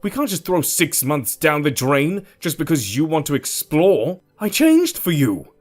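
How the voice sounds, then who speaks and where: A man's voice: on the high side, big pitch swings, measured pace, faint music behind, voice pushed up. A man playing a hurt, pleading young boyfriend. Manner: pleading, emotional.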